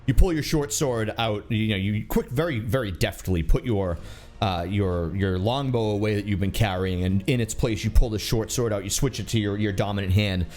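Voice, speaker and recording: A man running a tabletop game as dungeon master, narrating scenes in a playful, lively storytelling manner. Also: fairly low pitch, normal speed.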